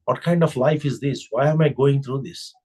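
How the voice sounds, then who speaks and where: A man's voice: medium pitch, normal speed, darkish tone, slightly rough, natural voice. A man voicing a weary male devotee who complains to God in a plaintive, questioning way.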